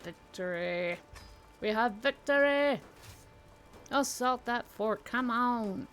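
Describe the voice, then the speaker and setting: A woman's voice: fairly high pitch, lively intonation, takes it slowly, a bit bright, faint music behind. A woman streamer playing a strategy game live, chatting playfully and reading the event text aloud. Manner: chatty and playful, bursts of laughter, reads in-game text in an exaggerated tone.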